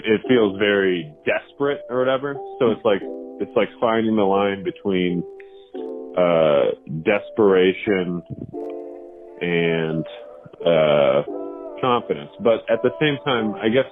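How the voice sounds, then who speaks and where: A man's voice: fairly low pitch, takes it slowly. A man who does stand-up, talking reflectively in a casual phone chat and often saying "you know.". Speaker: stand-up comedian. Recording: tinny phone line with music behind.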